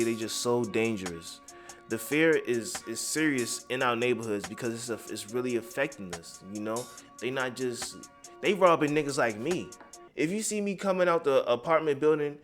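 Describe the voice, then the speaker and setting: A man delivers street-level commentary in a heated, profane rush, his thoughts wandering away from the script. His voice sits at an ordinary middle pitch, and soft music plays faintly underneath. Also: normal speed. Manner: rambling, profane, keeps straying off script. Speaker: commentary vlogger.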